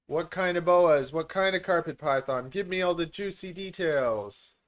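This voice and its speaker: A man's voice: a little high, normal speed. Rambling, self-deprecating man streamer. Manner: rambling, self-deprecating, many filler words. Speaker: reptile breeder and channel host. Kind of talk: casual live-stream Q&A.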